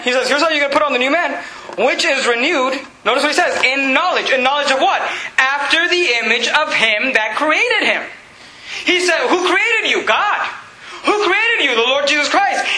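A man preaching a fiery sermon as pastor, often shouting and laughing between lines, recorded in a church. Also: very high voice, slight background noise. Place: church hall. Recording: echoey church room.

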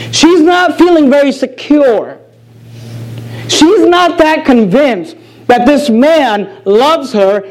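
High-voiced man preaching a sermon. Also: darkish tone, low-quality recording. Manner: earnest, repeats phrases, asks the congregation questions. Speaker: pastor.

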